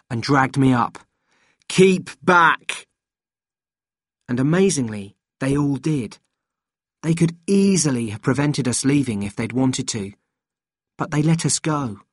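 A man reading a novel aloud in measured, steady scripted narration. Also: mid-range voice, husky, no echo, studio quality. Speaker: audiobook reader.

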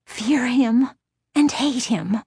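In a dry, close reading, a woman plays an angry young girl who mutters her resentful thoughts, her voice pushed a little higher and tighter than a narrator's. The girl sounds fearful and bitter, and the storybook delivery stays low-key. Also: takes it slowly, darkish tone, slightly rough, no room sound, full character voice. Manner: tense, muttered inner thoughts.

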